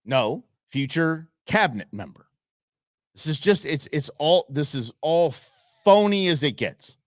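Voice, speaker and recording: A man's voice: a little high, very animated, normal speed, dry recording, studio quality. A male talk show host giving combative, sarcastic live political commentary.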